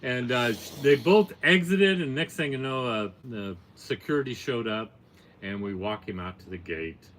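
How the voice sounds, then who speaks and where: At a medium pitch and normal speed, an older man tells a lengthy story as a podcast guest, with a little hiss or hum in the background. He speaks casually and plainly, matter-of-fact until he builds to animated peaks.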